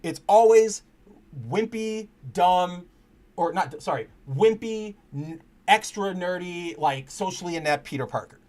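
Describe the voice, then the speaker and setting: High-voiced man rambling about comics. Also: animated, a little slow, a little mellow. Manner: rambling, restarts often, swears freely; earnest and candid when personal. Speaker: podcast host. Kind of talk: casual comic book chat stream.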